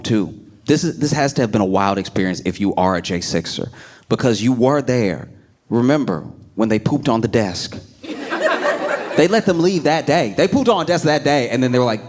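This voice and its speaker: A man doing stand-up comedy, telling a story in an animated way and jumping into put-on voices. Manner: animated, jumps into high put-on voices, laughs a lot.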